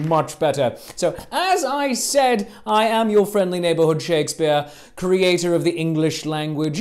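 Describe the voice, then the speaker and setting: A woman's voice: medium pitch, darkish tone. A woman hosting as a jokey Shakespeare, playful and theatrical, often laughing as she leads the audience. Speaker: host. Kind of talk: comedic audience-participation hosting.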